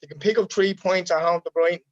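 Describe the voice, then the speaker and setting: A high-voiced man gives firm opinions in casual football talk and swears often. The recording is dull and lo-fi. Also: fairly even intonation, quick pace. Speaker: podcast co-host. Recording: dull lo-fi sound.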